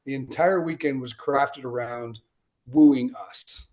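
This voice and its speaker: A man's voice: medium pitch, takes it slowly, darkish tone. A man in his late thirties from Utah, a guest telling a long story in a casual, digressive interview style. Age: late 30s.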